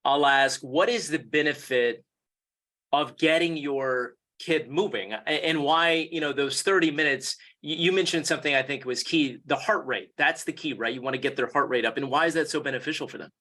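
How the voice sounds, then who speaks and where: Male anchor as moderator, bright voice, easy inquisitive style. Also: a little high, normal speed. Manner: inquisitive, conversational questioning. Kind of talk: moderating a panel discussion.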